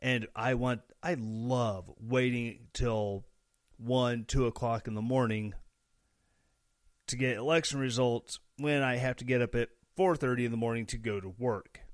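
A man's voice: medium pitch, steady tone, unhurried, dry recording, studio quality. A young man from Missouri hosting a casual solo podcast, rambling and joking with sarcastic asides. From Missouri, USA. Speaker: podcast host.

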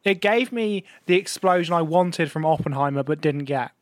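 Swearing podcast host, fairly high. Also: male voice, moderate pace, no room sound, clean studio sound. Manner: animated, swears freely. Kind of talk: casual podcast chat.

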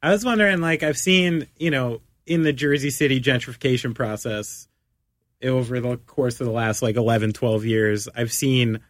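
A laid-back host asking questions in a casual interview, tossing in quick agreements and the odd swear. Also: mid-range voice, dry recording.

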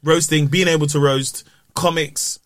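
A man's voice: on the high side, a little slow, no room sound, studio quality. A young man, a stand-up comedian telling stories in casual podcast chat and acting out voices. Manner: animated storyteller, acts out voices.

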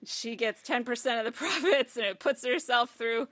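A woman hosting a comedy podcast, spinning an improvised ghost story. Her voice is bright and slightly high. She narrates with lively energy and quick restarts. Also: no room sound, studio quality. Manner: animated, laughing narration with restarts. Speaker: podcast co-host.

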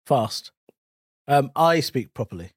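A man in his thirties with a received pronunciation accent, co-hosting a casual comedic chat with a playful, quick-to-laugh manner. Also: a little high, wildly swooping pitch, husky, no room sound, clean studio sound. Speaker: podcast co-host.

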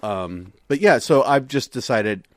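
A man's voice: medium pitch, lively intonation, unhurried, no echo, studio quality. A married man co-hosting a podcast, easygoing and agreeable in casual banter. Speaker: podcast co-host. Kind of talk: casual banter among friends.

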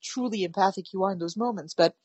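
A woman talking in an interview about parenting, animated, and acting out soothing words to children. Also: medium pitch, quick pace, slightly rough, no echo. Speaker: parenting guest. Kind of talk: conversational interview.

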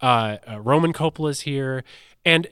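A man's voice: mid-range voice, normal speed, a bit bright, smooth, no room sound. Chatty male podcast host, dry sound. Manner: chatty storytelling with fillers and laughs. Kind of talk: conversational interview.

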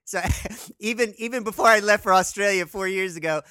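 A man with a New Jersey accent, a composer talking as a guest in a casual interview, upbeat and quick to laugh, often repeating his words. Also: high voice, bright, forceful tone, clean tone, dry recording, clean studio sound. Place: remote call from Australia.

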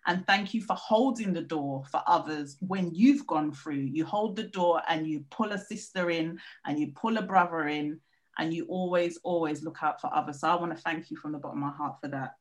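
A woman's voice: low voice, a little fast. Effusive woman podcast host. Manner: warm effusive praise, many "you know" fillers. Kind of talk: podcast interview.

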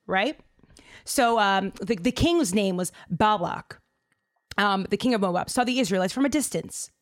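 A woman telling a story casually, animated and slangy with lots of fillers. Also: medium pitch, a little slow.

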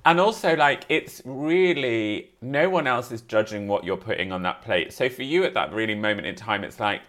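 A man's voice: lowish voice, lively intonation, moderate pace, a bit bright. A man co-hosting a podcast, telling a story in a theatrical way and acting out quotes. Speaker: podcast co-host. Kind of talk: casual chat, storytelling.

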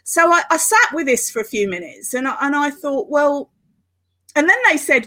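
A middle-aged woman, a guest on a podcast interview, telling her story in a flowing, earnest way with quick laughs. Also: high voice, animated, sharp tone. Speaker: guest, author and festival organiser.

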